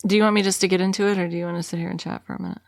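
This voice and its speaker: A woman's voice: fairly low pitch, flat delivery, rapid-fire, vocal fry, no echo, studio quality. A woman co-hosting a podcast, rambling and giggling in casual chat, often restarting her sentences. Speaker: podcast co-host.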